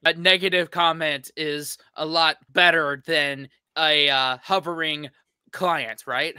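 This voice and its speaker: A man's voice: on the high side, fairly even intonation, slow, sharp tone, clear, resonant tone, no echo, studio quality. An American man co-hosting a reaction video, chatty and agreeable. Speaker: reaction channel co-host. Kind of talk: casual reaction chat.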